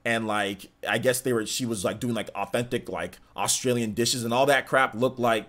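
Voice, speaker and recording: A man's voice: medium pitch, normal speed, fairly bright tone. Rambling young man reading stream chat. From California. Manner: rambling, filler-heavy, reads chat aloud. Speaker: streamer host.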